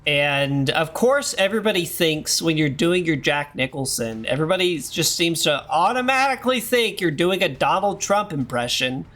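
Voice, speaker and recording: A hoarse man in his thirties chatting casually and rambling while streaming a game. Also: on the high side, big pitch swings, moderate pace, hardly any pauses, a bit bright, soft background music. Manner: rambling, self-deprecating, many fillers. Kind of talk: casual gameplay chat.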